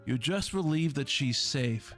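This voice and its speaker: Faint music sits behind a man reading a visual novel aloud at a measured pace. His voice is mid-range, and he reads dramatically, voicing every character in a lively way and adding his own asides.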